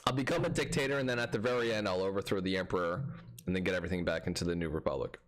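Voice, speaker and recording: A man's voice: deep voice, racing. A man co-hosting a podcast in casual chat, playful and riffing on silly jokes. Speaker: podcast co-host.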